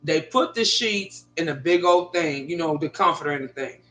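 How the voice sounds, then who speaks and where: This is a middle-aged woman vlogging from her bedroom, where the room gives off a noticeable echo. Her low, bright, forceful voice moves at a moderate pace as she animatedly rambles through a story, swearing casually along the way.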